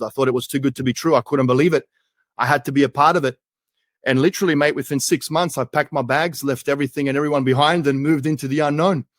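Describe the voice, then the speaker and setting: A man's voice: on the high side, no room sound, clean studio sound. A man in his thirties from Australia with an Australian accent, a jokey, chatty interview guest who keeps saying "mate". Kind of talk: casual interview talk.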